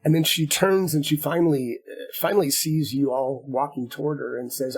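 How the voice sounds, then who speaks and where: Husky-voiced man narrating a tabletop game. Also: fairly high pitch, fairly even intonation, rough recording. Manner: halting, repeats words often. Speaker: game master.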